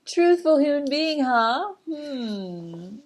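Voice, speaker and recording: A woman who channels spiritual messages, signing off in a light, relaxed way. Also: fairly low pitch. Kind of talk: casual sign-off.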